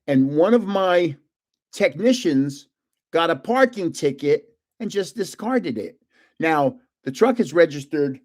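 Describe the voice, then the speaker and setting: An older man hosts a live stream and wanders from one story to another, chuckling as he goes. His voice sits a little high and swoops around a lot. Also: a little mellow. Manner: rambling, jumps between stories, chuckles often.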